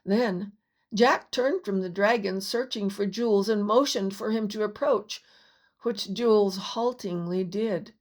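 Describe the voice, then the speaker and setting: Slow, unhurried woman narrator. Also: medium pitch. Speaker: author and narrator. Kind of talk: audiobook narration.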